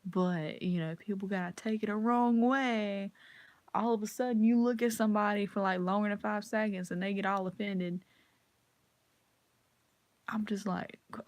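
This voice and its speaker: A woman's voice: mid-range voice, normal speed, dry recording. A woman ranting casually to camera, swearing freely and acting out the people in her stories. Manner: profane, animated storytelling, acts out quotes. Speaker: vlogger.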